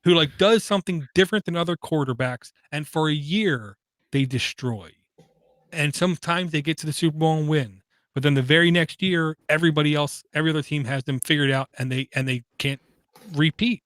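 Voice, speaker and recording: A man's voice: on the high side, brisk, fairly bright tone, no echo. A man co-hosting a podcast in casual chat, rambling and opinionated, often restarting his sentences. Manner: rambling, self-interrupting, opinionated. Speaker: podcast co-host.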